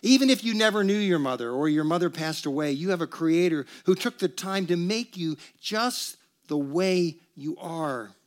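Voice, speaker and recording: Pastor preaching with playful humor. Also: male voice, a little high, animated, normal speed, few pauses. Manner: conversational preaching with humor and call-and-response. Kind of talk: sermon. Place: church sanctuary.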